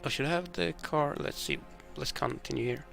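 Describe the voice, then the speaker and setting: Gravelly man reading game rules aloud. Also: on the high side, normal speed, a bit bright, soft background music. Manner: hesitant, reads rules aloud, many restarts. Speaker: board game player demonstrating a game. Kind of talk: thinking aloud while playing solo.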